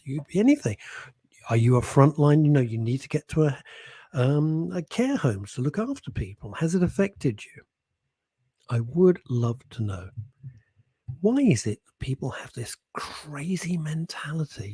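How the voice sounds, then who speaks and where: A man hosts a casual radio show, teasing listeners and laughing easily. His voice is mellow and a little husky, with lots of rise and fall. The studio sound is close and dry. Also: on the high side, dry recording.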